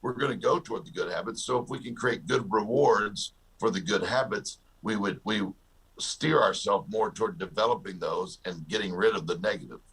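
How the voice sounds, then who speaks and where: Man, low voice, husky, interview guest, jokey anecdotes. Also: moderate pace, fairly bright tone. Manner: jokey, tells stories with a laugh. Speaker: guest author and success coach. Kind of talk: storytelling interview talk.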